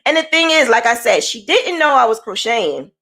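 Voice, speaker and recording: A woman's voice: on the high side, big pitch swings, fairly quick, fairly bright tone. A woman hosting a podcast, telling a personal story in a candid, conversational way. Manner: candid, conversational, shifting pace. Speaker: podcast host.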